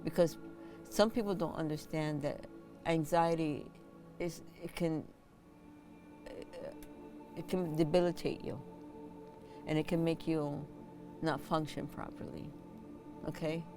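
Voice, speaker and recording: Lower-voiced woman giving blunt encouragement. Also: vocal fry, a little mellow. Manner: encouraging, blunt, with casual swearing. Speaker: host and massage therapist. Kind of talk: casual spiritual advice talk. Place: indoors, on a squeaky chair.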